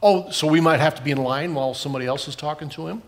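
An older pastor with a voice on the high side speaks very fast as he gives a children's sermon. He tells the story while asking the kids questions along the way.

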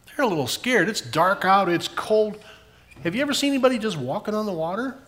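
Lively older man telling kids a Bible story. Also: high voice, a little fast. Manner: animated storytelling, asking kids questions. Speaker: pastor giving a children's message. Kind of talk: children's sermon.

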